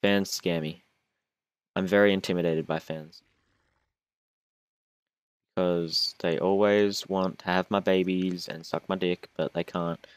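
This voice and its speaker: A man's voice: low voice, level tone, slow, long pauses, clear, resonant tone, no echo. A young man, chatting and joking through his own gameplay recording, whining and self-mocking as he goes. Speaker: gaming YouTuber. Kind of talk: casual gameplay commentary.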